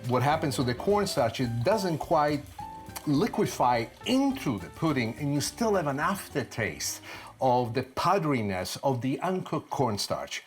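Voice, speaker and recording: A man in his sixties with an Italian accent, hosting a cooking demonstration in a lively, chatty, playful way with rhetorical questions. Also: medium pitch, normal speed. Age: 60s. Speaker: cooking show host. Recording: background music.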